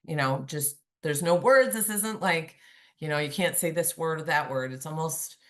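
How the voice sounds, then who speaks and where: A woman's voice: deep voice, normal speed, fairly bright tone. A woman giving a conversational webinar presentation over a video call, chatty and humorous, acting out examples as she goes. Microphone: remote video call.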